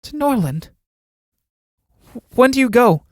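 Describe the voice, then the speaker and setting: A man's voice: on the high side, lively intonation, moderate pace, no echo, clean studio sound. Man voicing Judith, an impetuous young woman. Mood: urgent.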